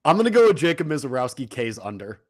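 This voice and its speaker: A man's voice: mid-range voice, big pitch swings, dry recording, studio quality. A man co-hosting a sports betting podcast, talking in a casual, rambling way with frequent restarts. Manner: talks fast with frequent restarts and fillers.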